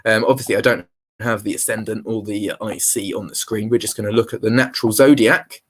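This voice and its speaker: A man's voice: lowish voice, steady tone, a little fast, slight background noise. Man explaining an astrology chart. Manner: explains a chart on screen, fillers and restarts. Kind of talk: astrology forecast talk.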